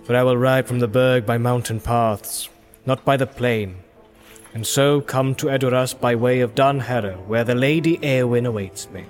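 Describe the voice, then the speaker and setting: A man voicing an aged, gracious king who speaks in formal, measured tones, in an audiobook reading. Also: mid-range voice, fairly even intonation, faint music behind, lightly acted.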